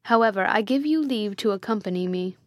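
A woman's voice: mid-range voice, expressive, brisk, no echo, clean studio sound, close to an everyday voice. A woman voicing an imperious, cruel medieval prince in a Gothic audiobook reading, curt and commanding.

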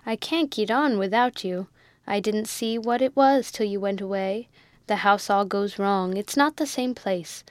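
A woman's voice: medium pitch, measured pace, dry recording, lightly acted. Woman playing a coarse old baronet. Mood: pleading. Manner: rustic dialect, blustering.

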